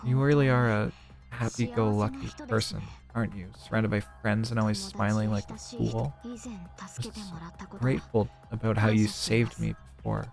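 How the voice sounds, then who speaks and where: A man's voice: fairly low pitch, very animated, normal speed, vocal fry, music in the background. A man reading a prickly young avenger woman. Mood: bitter. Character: bitter young woman bent on revenge, prickly.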